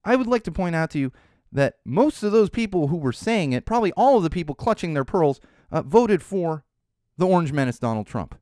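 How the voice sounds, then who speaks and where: Animated ranting man, podcast host. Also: fairly high pitch, brisk, dry recording, studio quality. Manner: animated, ranting, swears freely. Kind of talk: opinionated political commentary.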